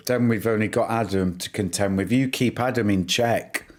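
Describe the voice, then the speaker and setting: A man's voice: lowish voice, steady tone, moderate pace. A middle-aged man hosting a live stream, chatting casually and teasing his viewers by name. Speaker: livestream host.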